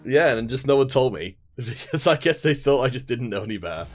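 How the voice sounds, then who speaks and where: A man's voice: medium pitch, lively intonation, fairly quick. Joking male stream caster over faint music. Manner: joking, self-mocking, greets chat by name. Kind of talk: casual stream commentary.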